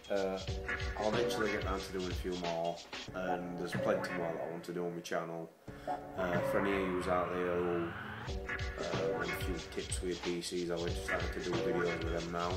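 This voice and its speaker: A man's voice: deep voice, reverberant, low-quality recording. A man with a Yorkshire accent chatting in a rambling, self-deprecating way as a vlogger. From Yorkshire, England. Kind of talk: casual chat.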